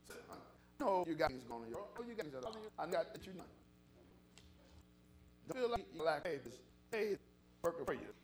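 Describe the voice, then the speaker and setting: A man's voice: on the high side, very animated, moderate pace, pauses often. A man preaching a sermon as pastor, moving from conversational storytelling to fervent, rising exhortation.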